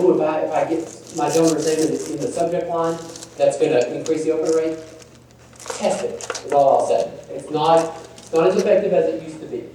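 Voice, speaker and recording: Heard from a distant mic in an echoey large meeting room with faint noise, a man presents an informal workshop on email marketing. He asks his audience questions and jokes about stiff language. His voice runs a little high and has a warm tone.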